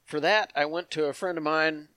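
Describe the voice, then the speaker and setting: A man's voice: fairly high pitch, fairly even intonation, normal speed, pushed and bright, dry recording. A man teaching verse by verse from the Bible, reading passages aloud and adding asides to his listeners. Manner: explanatory, reads passages aloud with asides to the congregation.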